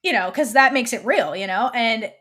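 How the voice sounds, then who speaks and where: A podcast co-host, a woman, recaps a TV episode in a relaxed, lively way, quoting what the characters said. Her voice sits on the higher side and she speaks at a moderate pace.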